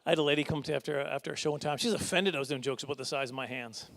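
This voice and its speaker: A middle-aged man doing a stand-up comedy set at a fundraising dinner, rambling and self-deprecating, with quick asides and chuckles. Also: a little high, gravelly, a bit bright.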